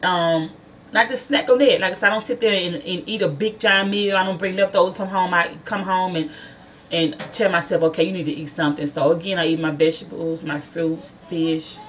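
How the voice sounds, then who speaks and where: A woman's voice: on the low side, steady tone, normal speed, far from the mic, slight background noise. A woman who is a nail school student chats casually to her viewers from her car, swearing freely and calling them y'all.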